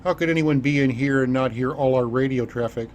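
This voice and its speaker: A man narrating an audiobook in an even, measured reading style. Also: medium pitch, highs cut off, a little hiss or hum. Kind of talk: scripted narration.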